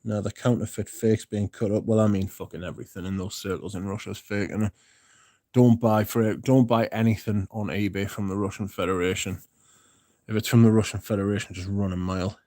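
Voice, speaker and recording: Guy on a livestream, lowish warm voice, swears a lot, rambles on. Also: steady tone, a little fast, dry recording, studio quality. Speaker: livestream host reading viewer chat. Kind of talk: casual livestream chat.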